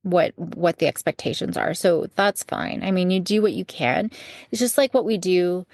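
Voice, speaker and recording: A woman's voice: fairly low pitch, normal speed, vocal fry, darkish tone, dry recording, studio quality. A woman co-hosting a podcast, talking casually and self-deprecatingly. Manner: self-deprecating, plain-spoken. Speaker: podcast co-host. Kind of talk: casual chat.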